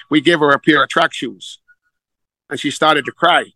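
Forceful Jamaican man telling coaching stories. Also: a little high, normal speed, no room sound, low-quality recording. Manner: animated storyteller, acts out quoted dialogue. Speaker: football coach. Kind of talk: casual interview storytelling.

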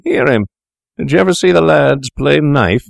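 A man's voice: fairly high pitch, animated, normal speed, creaky, no echo, studio quality, pitched above the performer's own voice. A man voicing a coarse, vulgar male stranger who taunts his companion in a raised, mocking voice in a storybook reading. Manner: taunting, jeering banter.

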